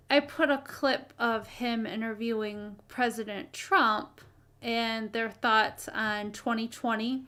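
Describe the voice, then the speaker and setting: A woman hosting her own live stream, talking in an earnest, hesitant way with many pauses and fillers. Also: on the high side, fairly bright tone, smooth. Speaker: channel host.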